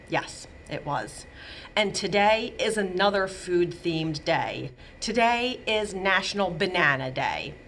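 A woman librarian reading a picture book aloud for babies, in an animated, sing-song storytime manner, sometimes acting out a toddler's wails and screams. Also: mid-range voice, slight background noise. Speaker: children's librarian.

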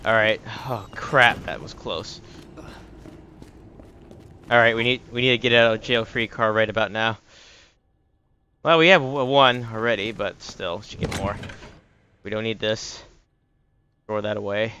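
Live-streaming a horror game, a man talks to himself, gets out of breath, swears, and yelps when chased, reacting jumpily. His lowish voice is bright and forceful, unhurried with frequent pauses. The audio is dull with slight background noise.

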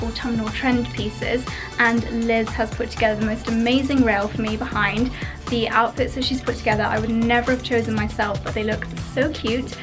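A young woman, chatting casually as a fashion vlogger about her outfits and day. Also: fairly high pitch. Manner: chatty, upbeat, rambling outfit descriptions. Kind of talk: casual vlog narration.

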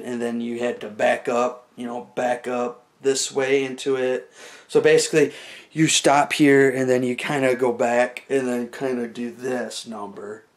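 A young man telling a rambling, casual comic story to the camera, full of "like" and "you know" as he acts out moves. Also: medium pitch.

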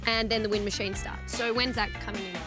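A woman host joking loudly about herself in a studio chat, over loud music. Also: medium pitch, steady tone, fast. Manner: self-mocking, loud.

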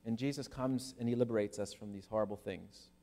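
A man preaching a sermon as pastor, animated and lively, with humorous asides to his listeners. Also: on the low side, fairly quick. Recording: long hall reverb.

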